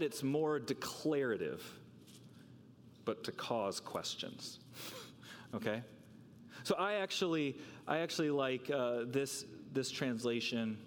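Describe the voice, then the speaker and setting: Animated male preacher in a reverberant hall. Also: medium pitch, takes it slowly, long pauses, slight background noise. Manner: animated, rhetorical questions, repeats words. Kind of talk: sermon.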